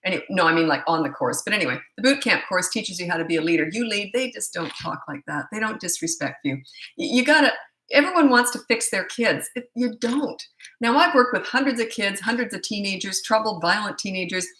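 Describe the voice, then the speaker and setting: A woman's voice: medium pitch, expressive, fairly bright tone, reverberant, low-quality recording. A middle-aged woman, a parenting coach, answering viewer questions on a live stream in a blunt, opinionated way. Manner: blunt and opinionated, quick asides.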